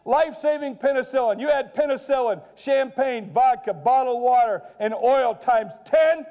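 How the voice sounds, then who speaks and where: A middle-aged man giving a brash, punchy keynote to a live audience, building to loud shouted punchlines and checking in with "okay?". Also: very high voice, normal speed. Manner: keeps checking in with the crowd with "okay?". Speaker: keynote speaker. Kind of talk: energetic stage keynote. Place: large lecture hall before a live audience.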